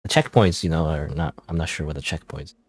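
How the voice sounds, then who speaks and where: A man's voice: very deep voice, fairly quick, soft background music. A man chatting casually on a gaming livestream, rambling and second-guessing himself with lots of fillers. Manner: rambling, self-doubting, frequent fillers and laughs. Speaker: streamer.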